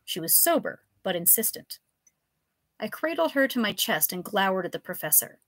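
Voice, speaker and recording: An author reads her own comic novella aloud live, telling it in an expressive, animated way with pitch that jumps all over. She reads at a normal speed, and the recording is dry with no room sound at all.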